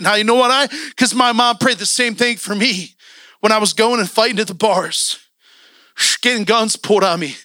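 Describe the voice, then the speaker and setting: Speaking at a normal speed, a man urges his church congregation on in a fiery sermon. The voice is high, bright and forceful, captured close and dry without any room sound.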